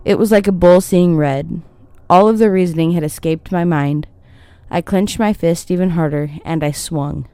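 A woman reads a scripted horror story in a steady, even storytelling voice. Her pitch sits on the low side for a woman. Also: moderate pace, clean tone, no room sound.

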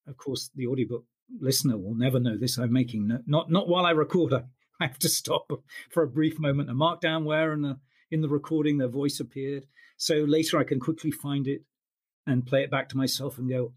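A man's voice: medium pitch, a little fast, slightly rough. A man who works as an audiobook narrator, talking thoughtfully in an interview with frequent restarts. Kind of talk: interview conversation.

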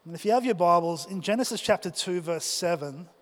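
A man's voice: high voice, animated, a little fast. A young man preaching, telling a personal story and asking his congregation questions. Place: church hall. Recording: long hall reverb.

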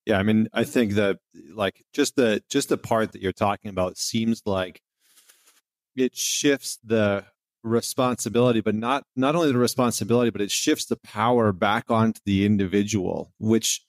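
A man's voice: fairly low pitch, normal speed, no room sound, studio quality. A man hosting a podcast interview, thinking aloud in a reflective way. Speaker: podcast host.

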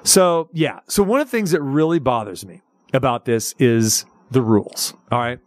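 A man's voice: mid-range voice, normal speed, dry recording, studio quality. A man hosting a sports radio show, ranting with sarcastic asides. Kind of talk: casual sports talk radio rant.

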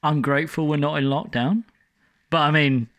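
A man's voice: a little high, steady tone, normal speed, a bit bright. A man co-hosting a podcast, chatting casually with dry, teasing humor. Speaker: podcast co-host. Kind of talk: casual comedic chat.

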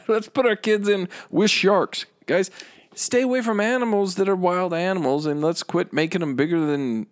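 A man's voice: sits high, moderate pace. A man co-hosting a casual podcast, chatty and earnest, laughing along. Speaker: podcast co-host. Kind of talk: casual chat.

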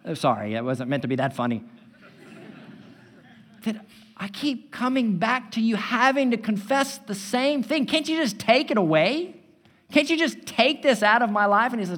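A man preaching a sermon as pastor, building loud and emphatic and then dropping to a hushed tone. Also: high voice, animated, measured pace. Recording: long hall reverb.

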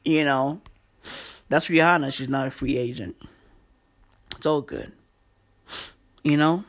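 A woman's voice: sits low, slow. A woman hosting a casual comedy chat, loose and profane, full of slang and rambling asides.

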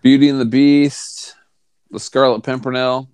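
A man playing a trivia game on a casual podcast, full of quick jokes and quips. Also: mid-range voice, steady tone, darkish tone, clear, resonant tone, no room sound. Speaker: podcast co-host, contestant.

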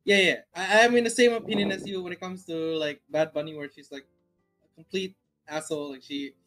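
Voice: mid-range voice, fairly even intonation, a little fast, a bit bright, poor audio. Hesitant speaker full of restarts. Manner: hesitant, many restarts and fillers. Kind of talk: casual chat. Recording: faint music in the background.

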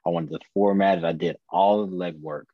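A man's voice: sits low, steady tone, a little fast, no room sound, dull audio. A man in his thirties, a podcast guest, telling a personal story earnestly and candidly, often restarting and repeating his phrases. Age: 30s.

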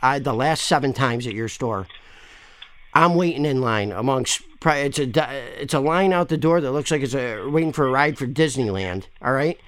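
A man's voice: medium pitch, animated, moderate pace, a bit bright. A man making a prank call to a store, rambling, pushy and swearing often. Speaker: caller complaining to a store.

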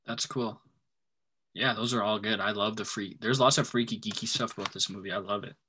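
A young man co-hosting a casual movie podcast, reading quotes aloud with big swings in loudness. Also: fairly low pitch, fairly even intonation, brisk, slight background noise.

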